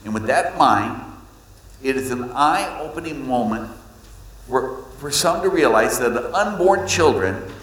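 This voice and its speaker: A male preacher delivering a sermon, with a medium-pitched voice that climbs sharply when he drives a point home. He moves between scripture reading and storytelling. The sound is roomy, with a long reverb trailing behind each phrase. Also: a little slow. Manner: animated storytelling, pitch leaps on emphasis. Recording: echoey hall with long reverb.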